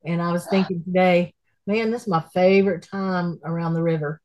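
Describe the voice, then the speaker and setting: A woman's voice: fairly low pitch, steady tone, fairly quick, darkish tone, poor audio. Chatty woman co-host. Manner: chatty, caring, rambling. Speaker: podcast co-host. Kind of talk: casual chat.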